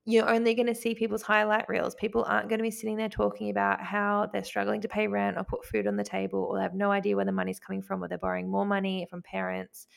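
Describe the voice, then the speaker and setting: Very gravelly, thoughtful woman. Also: mid-range voice, completely flat delivery, fast, hardly any pauses. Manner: thoughtful, hedging, restarts phrases. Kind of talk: casual podcast chat.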